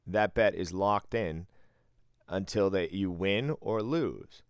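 A man co-hosting a podcast, telling a work story in a casual, profane, animated way. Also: low-pitched, takes it slowly, clear, resonant tone, no echo, clean studio sound. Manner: profane, animated storyteller who often acts out quotes.

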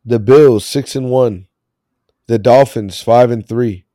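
A man hosts a casual sports podcast with a mellow, warm voice. He rambles loosely and laughs often. The sound is dry and close. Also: mid-range voice, takes it slowly, dry recording. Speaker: podcast host.

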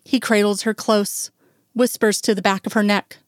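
Soft-spoken woman reading a story. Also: mid-range voice, level tone, normal speed, no room sound, studio quality. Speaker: reader. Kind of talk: reading fan fiction aloud.

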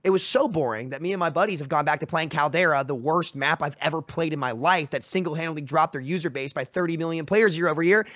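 A man rants animatedly on a casual gaming podcast, voice sitting a touch high. He leans on fillers and restarts as he goes. The sound is dry and close. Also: fast, hardly any pauses, no room sound. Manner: animated, ranting, lots of fillers.

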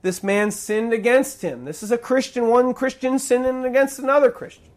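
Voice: medium pitch, normal speed, a little mellow. A preacher giving a sermon, reading verses aloud and explaining them with emphatic stress. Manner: emphatic, reads verses then explains, stresses key words.

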